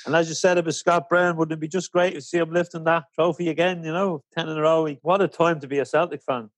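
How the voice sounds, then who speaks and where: A man's voice: fairly high pitch, fairly even intonation, fast, no echo. A man hosting a podcast interview, asking chatty, friendly questions. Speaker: podcast host. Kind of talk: casual interview.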